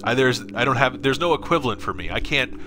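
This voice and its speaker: A man's voice: mid-range voice, animated, quick pace. A man hosting a casual gaming stream from his apartment, rambling, swearing freely, and reading viewer comments aloud. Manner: profane, rambling, reads chat aloud. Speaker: game streamer and host. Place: home apartment.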